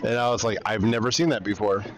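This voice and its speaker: A man's voice: fairly low pitch, fast talker, a crowd in the background. A man hosting a casual live stream at a curling club, chatting and commenting on the games. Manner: relaxed, chatty, talks over the game. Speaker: club livestream host. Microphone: headphones and microphone.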